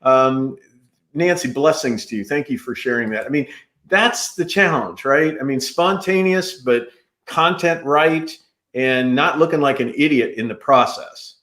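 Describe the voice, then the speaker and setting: Casting: energetic male interview host, mid-range voice, loose chatty delivery, roomy echo. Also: medium pitch, unhurried. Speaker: podcast host. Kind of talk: casual interview chat.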